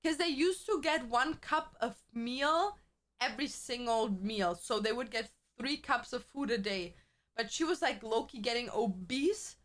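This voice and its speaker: A high-pitched woman from Germany, speaking English. She streams and chats loosely with her viewers, rambling from one thought to the next and cursing casually. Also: expressive, a little slow, a bit bright. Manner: chatty, rambling, swears freely.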